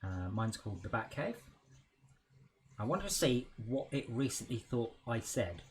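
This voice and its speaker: A young man talks his way through his work on a live stream, his voice sitting at an ordinary middle pitch. He thinks aloud, breaks off mid-thought and picks the thread back up. A faint hum of room noise stays under him. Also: sing-song, a little slow. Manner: thinking aloud, distracted, trailing off mid-sentence. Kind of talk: casual livestream chat while working.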